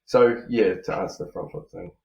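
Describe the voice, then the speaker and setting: Deep-voiced laid-back New man. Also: moderate pace, gravelly, a little mellow, highs cut off. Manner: laid-back, rambling, many fillers. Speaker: podcast guest, freestyle motocross rider. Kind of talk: casual chat. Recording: roomy echo.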